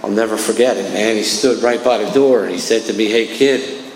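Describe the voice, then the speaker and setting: A man's voice: fairly low pitch, fairly even intonation, fast talker, darkish tone, a little hiss or hum. A man from New Jersey speaking as an AA speaker at a recovery meeting in a church hall, telling his story in a casual, streetwise way that keeps coming back to "man". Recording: echoey church hall with long reverb.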